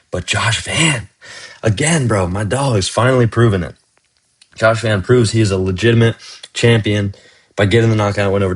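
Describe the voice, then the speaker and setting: A deep-voiced man talks through fight results in a loose, casual vlog. He is excitable and slangy, and he keeps dropping "man" and "bro" as he goes. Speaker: fight commentary YouTuber.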